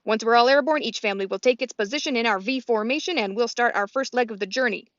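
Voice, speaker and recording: A woman's voice: fairly high pitch, quick pace, no room sound, dull audio, close to an everyday voice. A woman voicing a big male goose who leads the flock, speaking in an orderly, announcing way. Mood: commanding.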